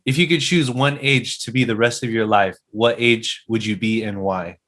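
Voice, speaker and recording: A man's voice: fairly low pitch, normal speed, a bit bright. Playful young man hosting a podcast. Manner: playful, teasing. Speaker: podcast co-host. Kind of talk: casual podcast chat.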